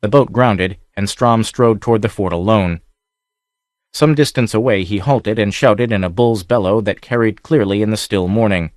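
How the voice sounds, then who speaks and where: A man reading an adventure novel aloud in steady, measured scripted narration. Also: on the low side, dry recording, clean studio sound. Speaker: audiobook narrator.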